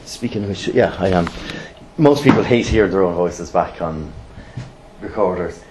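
A middle-aged man teaching a training course, blunt and lively, firing rhetorical questions at the room. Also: sits low, moderate pace. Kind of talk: classroom teaching. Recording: roomy echo, faint background noise.

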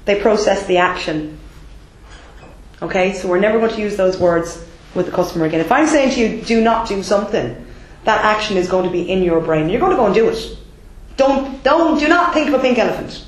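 A woman's voice: medium pitch, lively intonation, brisk. An Irish woman running a debt collection training course, speaking emphatically and checking in with her listeners with frequent "okay?". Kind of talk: classroom training talk. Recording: roomy echo.

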